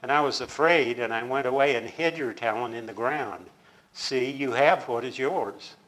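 A man's voice: medium pitch, moderate pace, a bit bright, natural voice, low-quality recording. Fearful servant making excuses, read by a male teacher, level and plain. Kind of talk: scripture reading.

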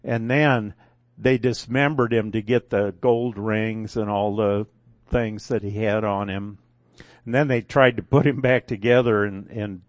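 An older man preaching a conversational sermon, unhurried and folksy, with asides and self-corrections. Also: on the low side, no echo.

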